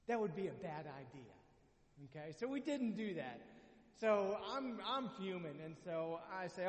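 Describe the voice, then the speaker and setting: Animated high-voiced pastor in echoey hall. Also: male voice, normal speed. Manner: animated storyteller, acts out his own quotes. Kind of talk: sermon with storytelling.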